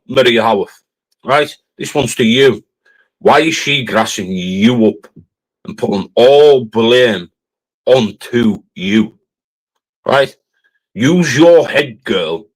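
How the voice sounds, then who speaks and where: A man's voice: medium pitch, poor audio. Confrontational Cumbrian man ranting. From northern England. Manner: confrontational, repeats "right?" constantly. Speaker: livestream host. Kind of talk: heated livestream rant.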